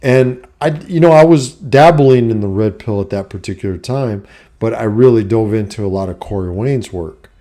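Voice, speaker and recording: A middle-aged man with a lowish, mellow voice talks to camera as a life coach. He rambles, swears freely and opens up candidly, circling back on his words as he goes. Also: moderate pace. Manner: rambling, profane, confessional. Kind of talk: candid personal talk to camera.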